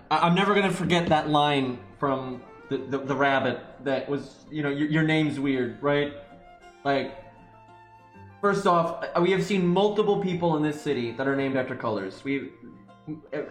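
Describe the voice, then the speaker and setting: A man's voice: a little high, expressive, moderate pace, echoey room, soft background music, poor audio. A man commenting on a video game as he plays, ranting and swearing in exasperation. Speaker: gaming streamer.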